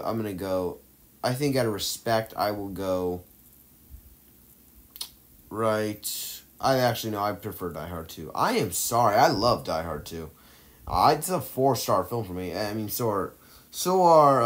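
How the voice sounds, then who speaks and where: A man giving casual commentary as he ranks films for a tier list, hesitant and rambling, with frequent fillers and corrections of himself in mid-sentence. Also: mid-range voice. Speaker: movie tier list vlogger.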